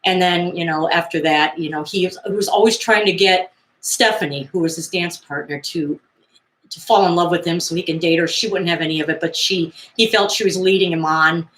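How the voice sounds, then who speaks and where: A woman vlogger talks in a relaxed, rambling way, full of fillers and side comments. Her voice sits on the low side, and the room gives it a noticeable echo. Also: a little fast. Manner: chatty and digressive, with frequent fillers and asides. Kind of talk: casual retelling of 1970s pop culture. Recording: roomy echo.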